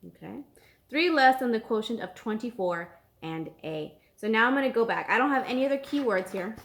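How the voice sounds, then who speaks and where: A woman teacher explaining an algebra lesson patiently, repeating each step slowly and checking in with her students. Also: on the high side, expressive. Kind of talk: recorded math lesson.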